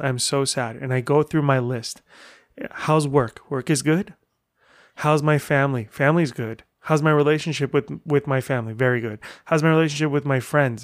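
A man's voice: on the high side, no echo, studio quality. A middle-aged man hosting a casual solo podcast, telling stories in a chatty way full of rambling asides. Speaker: podcast host.

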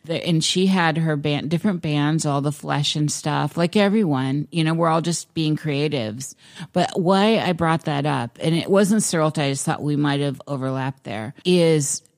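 Woman, middle-aged, host, low voice, effusive, laughs often, casual chat. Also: normal speed.

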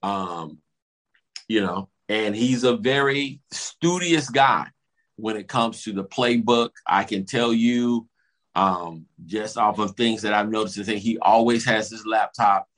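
A man's voice: fairly low pitch, a little slow. A man co-hosting a casual sports talk show, telling stories and acting out what coaches said. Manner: animated storytelling, acts out coaches' quotes.

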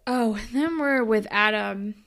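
Young woman co-host, casual recap voice with a gravelly edge, sits a bit high, acts out the characters' lines. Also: unhurried. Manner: animated, acts out quotes with big swings, swears freely. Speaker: podcast co-host recapping a TV episode. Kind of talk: casual chat.

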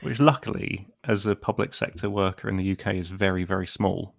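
A man's voice: low-pitched, steady tone, a little fast, gravelly. A man co-hosting a casual podcast chat, making dry, wry quips. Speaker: podcast co-host.

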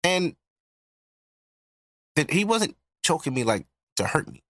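A man's voice: a little high, sing-song, slow pace, fairly bright tone, no echo, clean studio sound. A man in his thirties, a podcast host, telling a personal story in a blunt, profane, reflective way. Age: 30s. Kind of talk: casual storytelling.

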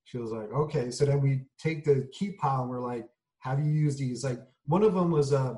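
A man with a dark, mellow voice tells a story in casual conversation, slipping into the lines of the people in it. He sits a little back from the mic, so his voice sounds slightly distant. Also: medium pitch, moderate pace. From United States. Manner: animated storyteller acting out quotes. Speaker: guest, junk removal business owner.

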